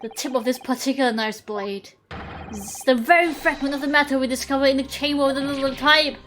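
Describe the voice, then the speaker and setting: A woman's voice: high-pitched, fairly quick, fairly bright tone. A woman reading aloud the lines of an earnest young male defense lawyer from a game, stumbling now and then over the words.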